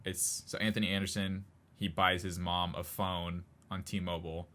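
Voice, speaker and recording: A man's voice: sits low, little pitch movement, normal speed, fairly bright tone. A man co-hosting a casual podcast chat, rambling with lots of fillers and frequent laughs. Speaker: podcast co-host.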